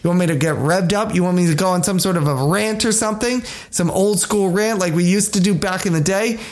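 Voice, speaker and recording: A podcast host in his thirties rants in casual chat, rambling, exasperated and profane. He speaks briskly in a high voice.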